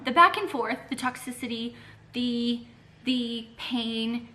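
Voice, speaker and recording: A woman with a fairly high, bright voice talks casually for her reading vlog, rambling and gushing with plenty of fillers and restarts. She is filmed on a handheld camera from her couch at home. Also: slow pace. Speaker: book vlogger. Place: living room couch at home.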